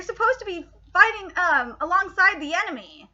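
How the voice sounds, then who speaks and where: Excitable woman streamer, very high and bright-voiced, cursing freely in live reaction commentary. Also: normal speed, few pauses, lo-fi sound. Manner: excitable, frequent swearing, laughs a lot.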